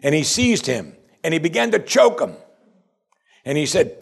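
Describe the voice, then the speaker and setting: Pastor preaching, dramatic pitch swings. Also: male voice, wildly swooping pitch, moderate pace, creaky, husky. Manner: rising to emphatic peaks, then dropping to soft and quiet; asks the congregation repeated rhetorical questions. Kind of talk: sermon.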